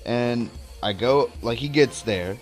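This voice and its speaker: A man's voice: medium pitch, slow, soft background music. A young man vlogging a casual story, rambling and swearing freely as he tells it. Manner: rambling, profane, animated storytelling.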